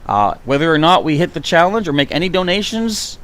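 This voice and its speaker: A man's voice: fairly high pitch, very animated, fairly quick, a bit bright. A man chatting to himself and his viewers while playing through a live stream, reacting as he goes. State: hiccuping. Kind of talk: gameplay live stream commentary.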